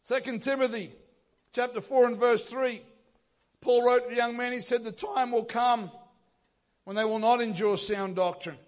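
A pastor preaching a sermon, retelling a scripture story with lively acted-out dialogue. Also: male voice, very high-pitched, moderate pace.

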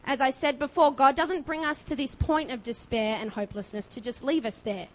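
A woman preaching a sermon, impassioned and building to loud emphasis. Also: sits high, fairly quick, poor audio.

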